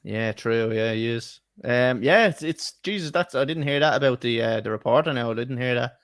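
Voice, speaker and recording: A man's voice: medium pitch, moderate pace, a bit bright, no echo, clean studio sound. A man co-hosting a football podcast, chatty and laughing, swearing freely in casual banter. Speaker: podcast co-host. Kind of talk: casual chat.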